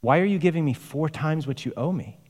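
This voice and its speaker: A man's voice: fairly high pitch, animated, a little fast, a little mellow, in a large hall, voice pushed up. A preacher voicing an angry, suspicious man. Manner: brusque, snapping, hostile.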